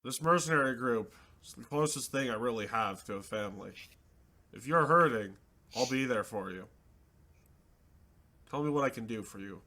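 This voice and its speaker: A man voicing a gruff but caring male mercenary leader who talks earnestly and reassuringly. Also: medium pitch, lively intonation, normal speed, long pauses, sharp tone, voice pushed down.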